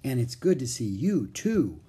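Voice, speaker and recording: A reader voicing a kind enchantress in an audiobook, speaking softly and warmly. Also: mid-range voice, sing-song, measured pace, breathy edge, heavily acted. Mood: gentle. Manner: soft and warm. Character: kind, gentle enchantress woman. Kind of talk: audiobook character voice.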